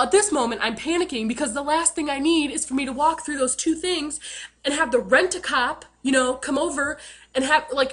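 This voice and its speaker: A woman talks straight to her camera, spinning a comic story with lots of "you know" and "like." Her voice is bright and a touch high, and she pokes fun at herself as she goes. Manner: chatty and self-mocking, many fillers. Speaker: vlogger.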